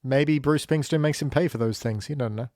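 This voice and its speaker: A man's voice: mid-range voice, brisk, a little mellow, no echo. Male podcast co-host, mid-range voice, wry joking asides, close dry mic. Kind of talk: casual review chat.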